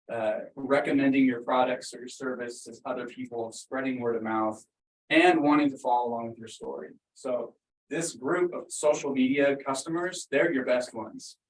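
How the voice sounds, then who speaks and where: A man's voice: medium pitch, far from the mic. A man giving a casual, upbeat talk to a live audience, with lots of fillers. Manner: upbeat and conversational, many fillers. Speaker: speaker at a business workshop. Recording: echoey room, voice from afar.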